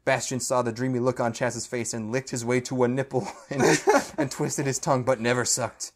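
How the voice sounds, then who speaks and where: A man's voice: mid-range voice, level tone, moderate pace. Man stumbling through a comic fanfic reading. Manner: stumbling, breaking into laughter while reading. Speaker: podcast co-host. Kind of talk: comedic dramatic reading of fan fiction.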